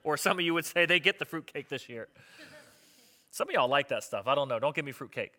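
Bright-voiced pastor guy preaching, animated, jokey, does little voices for people in the story. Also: fairly high pitch, fairly quick. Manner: conversational and joking with the congregation. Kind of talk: sermon.

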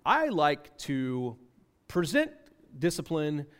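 Animated man giving a parenting talk. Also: on the high side, slow pace, smooth. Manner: animated, storytelling with acted-out voices; repeats phrases for emphasis. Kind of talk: conversational sermon.

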